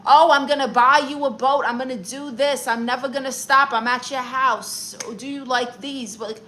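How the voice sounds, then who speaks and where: A brash, boastful aunt who appoints herself therapist, with a bright, pointed voice that sits a little high , as a woman puts her on. She fires back sassy comebacks while reading chat aloud on a livestream. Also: fairly even intonation, moderate pace, slight background noise, rough recording.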